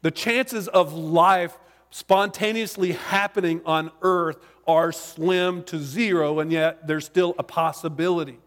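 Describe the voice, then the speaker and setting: Man preaching in a reverberant hall. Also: high voice. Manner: conversational preaching with jokes and asides. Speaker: pastor. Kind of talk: sermon. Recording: long reverb of a large hall.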